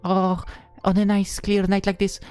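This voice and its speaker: Woman voicing a soft, wistful priestess. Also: medium pitch, monotone, clear, resonant tone, soft background music, voice pushed up, natural voice. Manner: soft, slow, dreamy. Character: gentle young priestess woman, wistful and caring. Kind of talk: visual novel reading.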